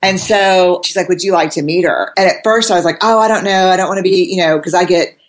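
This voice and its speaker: Academic woman guest, low voice, chatty storyteller who acts out quotes. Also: quick pace. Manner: lively anecdotes, quotes others, laughs often. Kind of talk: casual storytelling in conversation.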